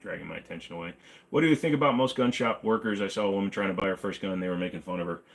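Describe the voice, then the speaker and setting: A man's voice: deep voice, racing. Joking man reading his live chat. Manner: joking, offhand, hums and scats to himself. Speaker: livestream host answering chat questions. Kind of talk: casual livestream chat. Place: home room with guns on the wall behind him.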